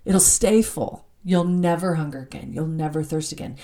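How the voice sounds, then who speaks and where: A woman teaching from the Bible in an animated, excitable way, laughing as she reads scripture aloud. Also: low-pitched, normal speed.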